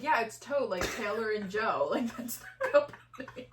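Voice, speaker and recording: A woman's voice: mid-range voice, lively intonation, normal speed, noisy background. A young woman co-hosting a podcast, casually reading listener submissions aloud and giggling often. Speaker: podcast co-host. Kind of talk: casual chat.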